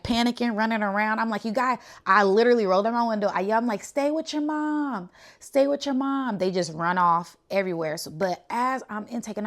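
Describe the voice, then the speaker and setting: A woman from the Bay Area who tells a spiritual story in a casual, animated way and keeps checking in with "right?". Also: on the low side. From Bay Area, California. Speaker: spiritual channel host.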